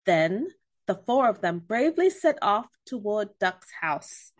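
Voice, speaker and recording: A woman reading a picture book aloud to children, gentle and expressive. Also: mid-range voice, unhurried. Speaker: storyteller.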